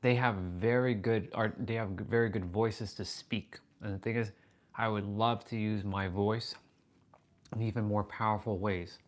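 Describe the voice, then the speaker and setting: A man's voice: on the low side, moderate pace. Man chatting animatedly on a livestream. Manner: animated storytelling, reads viewer comments aloud. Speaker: livestream host. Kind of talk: casual livestream chat.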